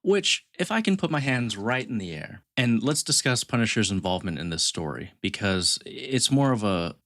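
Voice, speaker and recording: Low-voiced man with wry commentary. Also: animated, moderate pace, a bit bright. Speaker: podcast co-host. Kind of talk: casual movie review chat.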